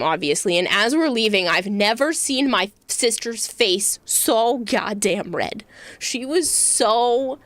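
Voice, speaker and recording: A young woman streamer chats casually, spinning anecdotes with bursts of laughter and quick side remarks. Her pitch sits in the middle of the usual range. The sound is dry and close, with little room around it. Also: no room sound. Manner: animated, laughs often, quick asides. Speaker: livestream host. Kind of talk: casual storytelling chat.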